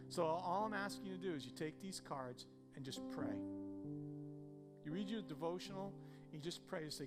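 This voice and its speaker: A male pastor preaching a sermon, swinging between loud emphatic peaks and soft conversational storytelling. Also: on the high side, fairly quick. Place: church sanctuary. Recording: church hall reverb with soft guitar.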